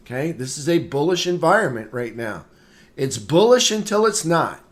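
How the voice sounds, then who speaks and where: A man's voice: on the high side, sing-song, normal speed. A man, a trading instructor, giving a live market analysis lesson, repeating points and checking in with "okay?" often. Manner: greets viewers by name mid-lesson.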